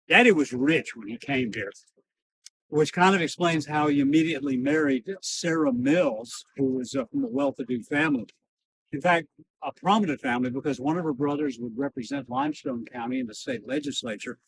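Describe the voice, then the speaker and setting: A man giving a first-person historical monologue as a costumed reenactor, talking in a halting, folksy way full of pauses. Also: fairly high pitch, gravelly, a little hiss or hum. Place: outdoors in a cemetery. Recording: outdoor recording from a distance.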